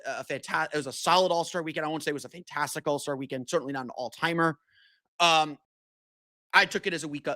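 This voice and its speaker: Bright-voiced man hosting a sports podcast. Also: a little high, no echo. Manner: casual, many restarts and fillers. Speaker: podcast host. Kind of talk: solo sports podcast commentary.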